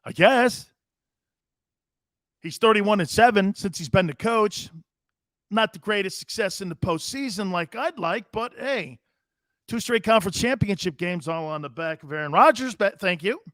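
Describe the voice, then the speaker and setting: Man from Connecticut, sports talk host, excitable, rambling, slightly high voice, dry close mic. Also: normal speed, dry recording. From Connecticut, United States. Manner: excitable, rambling, laughs often.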